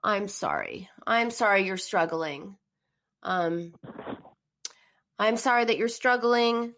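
A woman's voice: medium pitch, very animated, slow, a bit bright. Earnest woman host giving advice. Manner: earnest and encouraging, acts out emotional phrases. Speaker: therapist hosting a call-in live stream. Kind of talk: casual live-stream advice talk.

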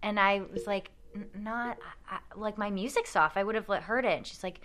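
A young adult woman telling a story in casual chat, animated, full of fillers, acting out the other people's voices. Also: medium pitch, fairly quick. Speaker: podcast guest telling a story.

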